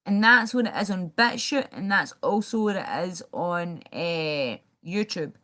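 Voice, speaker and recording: Young woman host, lowish voice, rambling casual stream chat, answers viewer comments. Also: lively intonation, a little slow, sharp tone. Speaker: livestream host.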